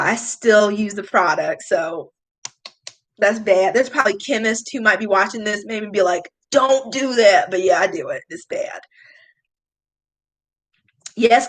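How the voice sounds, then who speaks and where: A young woman hosting a long livestream, chatting casually and answering viewer comments with candid, animated reactions. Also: rough recording. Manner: chatty and candid, swings up high when greeting viewers. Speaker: beauty vlogger hosting a livestream.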